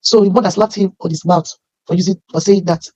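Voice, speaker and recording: Fast-talking Nigerian woman, husky. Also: fairly low pitch, steady tone, dark tone, dull audio. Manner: halting, repeats her phrases. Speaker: guest telling her life story. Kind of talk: emotional personal testimony.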